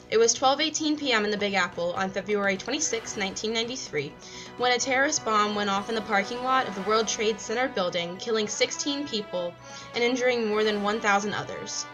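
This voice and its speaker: A young woman reads a mock news script in a steady, careful way, slowing over hard names. Her voice sits a little high, and music runs beneath it. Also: low-quality recording. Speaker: news anchor. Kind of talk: read mock news broadcast.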